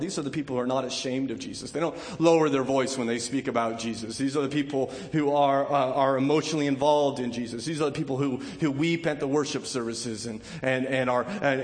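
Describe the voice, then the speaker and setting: A man preaching a sermon as pastor, impassioned and building to loud emphatic peaks, often repeating words as he restarts. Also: mid-range voice, long reverb tail.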